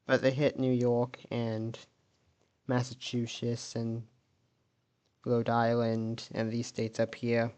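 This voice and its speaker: Slow, easygoing man narrating a map. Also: mid-range voice. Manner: relaxed, thinking aloud, self-correcting. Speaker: map video creator. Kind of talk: casual narrated map commentary.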